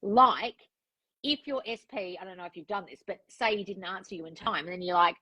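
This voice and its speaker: A woman's voice: medium pitch, fairly quick, bright, forceful tone, slightly rough, dry recording, poor audio. Blunt, direct woman coaching one-on-one. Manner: frank, direct, gives instructions, acts out quoted thoughts. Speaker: relationship and manifestation coach.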